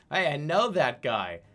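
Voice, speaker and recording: A young man reviewing his viewers' emotes, rambling and joking, stumbling over his words and swearing. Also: on the high side. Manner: rambling, animated, swears, slips into silly voices. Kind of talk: casual comedic commentary.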